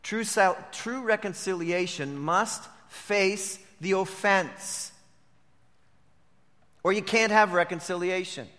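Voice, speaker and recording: High, bright-voiced man preaching in a hall. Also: takes it slowly. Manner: swings from hushed to emphatic preaching. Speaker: pastor. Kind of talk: sermon.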